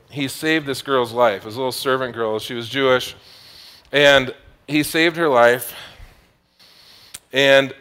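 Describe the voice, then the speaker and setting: Pastor telling a bible story, laid back and jokey. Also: male voice, mid-range voice, fairly bright tone, smooth. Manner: casual, joking storytelling. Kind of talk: sermon.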